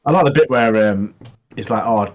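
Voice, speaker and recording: A man's voice: mid-range voice, normal speed. A man co-hosting a casual podcast about anime, laid-back and enthusiastic. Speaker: podcast co-host. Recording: dull, muffled mic sound.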